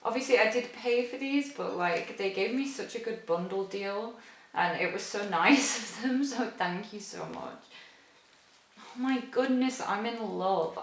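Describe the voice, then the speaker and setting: Young woman, casual vlog host, gushing and chatty, roomy echo, noisy background. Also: mid-range voice. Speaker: plant vlogger.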